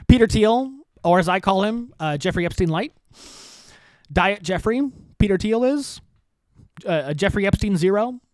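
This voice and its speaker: A man with a fairly high voice riffs through profane, sarcastic political commentary on his podcast. He laughs often between thoughts. The recording is close and dry, with no room sound. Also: lively intonation, unhurried, long pauses, darkish tone, dry recording. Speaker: podcast host. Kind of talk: crude rambling political commentary.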